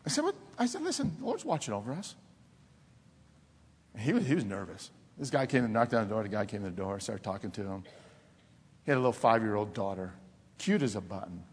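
A man preaching a sermon as pastor, telling animated personal stories, laughing often and dropping to soft, intense tones. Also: fairly low pitch, fast talker, breathy edge. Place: church sanctuary. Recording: long reverb of a church hall.

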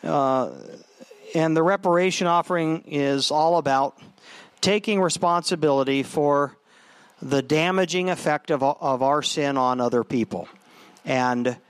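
A man with a slightly high voice preaches a sermon in an easy, conversational way. He often restarts his phrases as he goes. The sound is dry and close. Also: slow pace, smooth, dry recording. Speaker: pastor.

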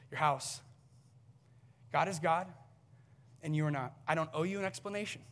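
A male pastor delivering an impassioned sermon, often rising toward near shouting. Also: fairly high pitch.

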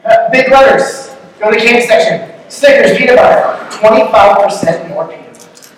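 A pastor with a very high, expressive voice delivers a sermon at a moderate pace, keeping it conversational with jokes and rhetorical questions. He's recorded in an echoey hall from a distant mic, with faint noise.

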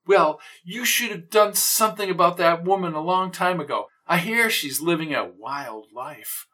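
A man putting on a shrill, nosy old woman neighbor. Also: normal speed, pushed and bright. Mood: gossiping. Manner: shrill, prying and scolding.

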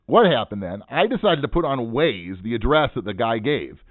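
A man's voice: mid-range voice, sing-song, moderate pace, dry recording. A man, a financial advisor and podcast host, telling a story in a casual, joking, self-mocking way. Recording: dry, tinny phone-like sound.

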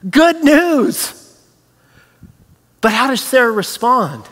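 A man preaching a sermon as a pastor, animated and storytelling, acting out the voices he quotes. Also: very high-pitched, takes it slowly, in a large hall.

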